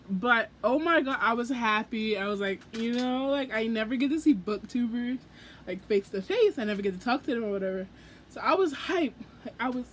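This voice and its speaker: A woman's voice: a little high, slight background noise. Gushing young woman book vlogger. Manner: gushing, excitable, acts out her own quoted reactions. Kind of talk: casual vlog storytelling.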